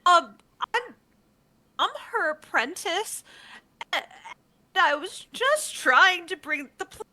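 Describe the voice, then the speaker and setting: A woman voicing a timid young female gnome apprentice who stammers, apologizes and speaks slowly in a shaky, tearful voice. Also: very high-pitched, lively intonation, pushed and bright, voice pushed up, heavily acted. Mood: apologetic.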